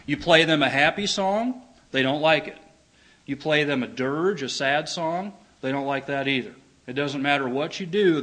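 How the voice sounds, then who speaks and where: A man's voice: mid-range voice, a bit bright, poor audio. A man preaching a sermon, reading scripture aloud and explaining it in an earnest, emphatic way. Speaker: pastor.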